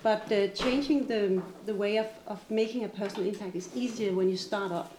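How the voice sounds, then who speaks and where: A woman's voice: medium pitch, brisk, a little mellow. A woman from Denmark, a jewelry brand founder, answering earnestly on a live panel. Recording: echoey event hall with faint noise.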